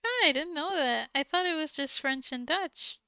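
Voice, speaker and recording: Hesitant, giggly woman streamer, bright voice. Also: high-pitched, expressive, normal speed, dry recording, muffled recording. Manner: hesitant, giggly, trails off with ums. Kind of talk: casual live-stream chat with viewers.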